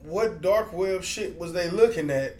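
A man's voice: high voice, a little slow, darkish tone. A man talking bluntly in a casual chat, swearing freely and rambling with restarts. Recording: roomy echo, faint background noise.

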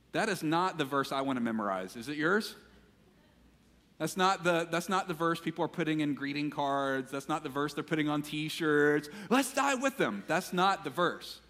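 A man preaching a sermon as pastor, animated when acting out quotes and dropping to a quiet, intense voice for emphasis. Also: a little high, long reverb tail. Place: church sanctuary.

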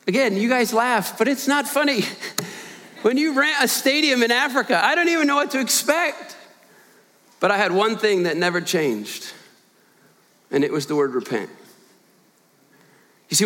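A man as guest preacher giving an earnest, animated storytelling sermon in a church, with joking asides to the congregation. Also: high voice, big-room sound. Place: church sanctuary.

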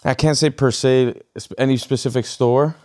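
A young man, a podcast guest, tells stories in a relaxed way and laughs along. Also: mid-range voice, normal speed. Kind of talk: casual chat.

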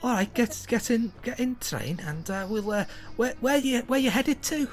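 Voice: medium pitch, lively intonation, moderate pace, loud music behind the voice, voice pushed up, close to an everyday voice. A game master voicing a laid-back male train driver with a Liverpool accent. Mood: friendly. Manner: easygoing, matey.

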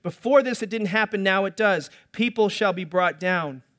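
A male pastor preaching an impassioned sermon, building to loud pleading and then dropping to a soft, quiet prayer. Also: high voice, moderate pace.

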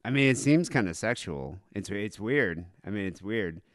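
An American man co-hosting a crude comedy podcast, joking and animated, dropping "like" often. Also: fairly low pitch, normal speed, no echo, clean studio sound. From United States. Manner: animated, jokey, says "like" often. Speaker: podcast co-host.

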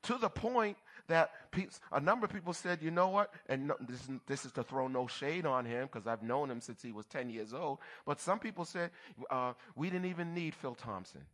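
A man's voice: mid-range voice, animated, normal speed, hardly any pauses, fairly bright tone. A man preaching a sermon as pastor, checking in with the congregation and teasing with playful asides. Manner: call-and-response, checks on the congregation.

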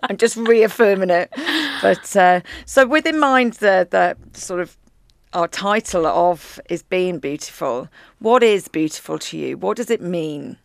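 Podcast host, woman, bubbly, laughs a lot, slightly low voice, dry sound. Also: lively intonation, creaky, no echo. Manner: bubbly, laughs often, quick asides. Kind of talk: casual interview chat.

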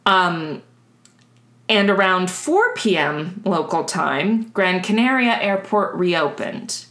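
A woman's voice: lowish voice, very animated, takes it slowly, a bit bright. A woman co-hosting a podcast, telling a story in a casual, chatty way and laughing often. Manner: chatty, laughs often, restarts while explaining. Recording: roomy echo.

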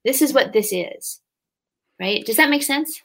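A woman's voice: sits high, measured pace. Woman guest on a podcast, earnest, talks it through, does little voices for kids and parents. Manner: earnest, animated when acting out parents and kids. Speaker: guest, grief companion trainer. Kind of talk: conversational interview.

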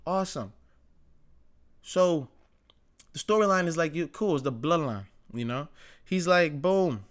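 Hosting his wrestling commentary show, a man talks casually and with strong opinions, leaning on "like," slang and curse words. His voice is a little high and expressive, at a measured pace.

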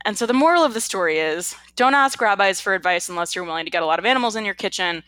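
Animated, bright-voiced woman telling a story. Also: mid-range voice, rapid-fire, hardly any pauses, dry recording. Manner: animated, playful storytelling with put-on quotes. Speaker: podcast co-host. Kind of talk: casual chat and storytelling.

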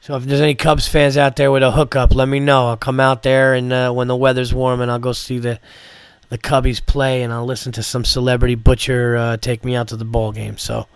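A man hosting his podcast, sounding hoarse and a little sick, telling stories and ranting in a loose, profane way that climbs in pitch when he gets worked up. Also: level tone, a little fast, dry recording. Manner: profane, storytelling, rants with rising pitch. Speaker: comedian podcast host. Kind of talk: casual chat.

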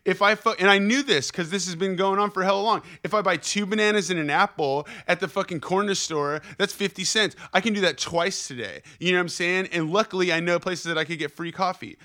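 A man's voice: sits high, fairly quick, few pauses, bright, forceful tone. Fired-up, swearing young male podcast host. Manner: profane, fired-up, rambling pep talk. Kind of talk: casual podcast monologue.

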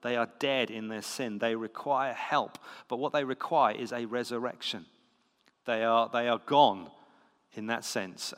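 A man delivering a sermon at a middle pitch, with a long reverb trailing behind his voice as if in a church hall. He explains scripture conversationally, pressing hard on key points and stumbling over the odd word. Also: fairly bright tone. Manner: conversational, emphatic, with fillers and restarts. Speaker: preacher.

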